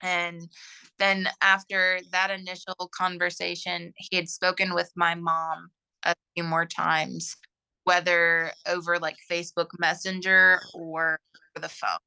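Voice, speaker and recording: A woman answering interview questions about her missing brother, hesitant and halting with many fillers. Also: lowish voice, level tone, creaky, bright, forceful tone, clear, resonant tone, low-quality recording. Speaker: interviewee, sibling of a missing man. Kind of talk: recorded interview.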